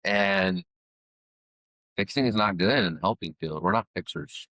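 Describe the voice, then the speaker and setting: A man co-hosting a podcast, chatting casually and telling an old story in a relaxed way, often repeating words as he goes. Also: sits low, measured pace, no echo, poor audio. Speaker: podcast co-host.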